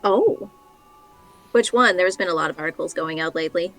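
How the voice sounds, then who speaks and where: A woman's voice: fairly low pitch, moderate pace, fairly bright tone, soft background music, voice pushed down, low-quality recording. A woman voicing a friendly, nosy male cab driver in a tabletop game. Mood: chatty. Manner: small talk, curious questions.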